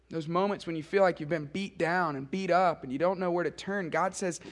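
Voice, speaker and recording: A man's voice: fairly high pitch, fairly quick, hardly any pauses. A man preaching an earnest sermon to students, stressing his points through repetition. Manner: earnest and emphatic, with repeated phrases. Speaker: speaker at a student summer gathering.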